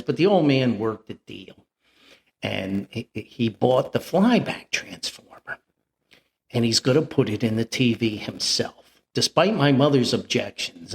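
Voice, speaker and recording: An older man from New tells a rambling family anecdote, chuckling as he goes. His voice is gravelly and sits mid-range. He swings up and down with lively, animated pitch. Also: slight background noise. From New Jersey. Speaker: podcast host and storyteller. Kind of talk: anecdotal storytelling.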